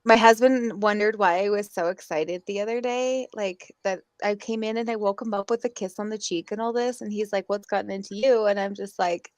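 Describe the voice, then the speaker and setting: A woman's voice: mid-range voice, fairly even intonation, a little fast, hardly any pauses, no echo. A woman co-hosting a podcast, chatting casually and rambling with restarts. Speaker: podcast co-host. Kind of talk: casual chat.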